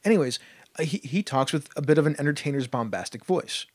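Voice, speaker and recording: A man co-hosting a casual tabletop-gaming podcast, telling anecdotes in a quick, offhand and enthusiastic way. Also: on the high side, animated, husky, dry recording. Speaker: podcast co-host.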